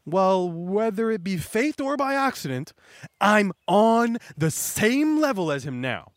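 A man doing a loud, boastful clown pirate captain who rallies his crew in big yelling speeches. The voice sits high and leaps all over its range. It is recorded close and dry. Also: big pitch swings, unhurried, no echo. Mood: rousing. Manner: bombastic rallying speeches, yells.

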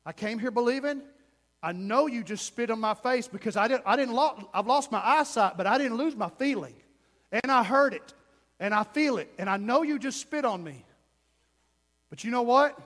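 A man's voice: extremely high pitch, lively intonation, normal speed, a bit bright, long reverb tail. A preacher voicing a humble blind man. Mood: pleading. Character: humbled blind man pleading his faith.

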